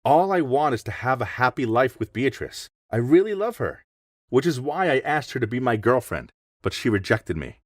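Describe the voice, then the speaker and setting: A young man narrating a first-person story in a reflective, expressive way. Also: medium pitch, moderate pace, no room sound, studio quality.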